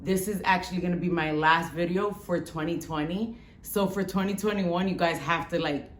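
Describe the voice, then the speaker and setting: A woman in her thirties from the Bronx with a Bronx accent and a rough voice, chatting frankly to camera and swearing freely as she tells a story. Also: lowish voice, steady tone, moderate pace, roomy sound, slight background noise. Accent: Bronx New York. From the Bronx, New York. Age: 30s. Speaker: vlogger.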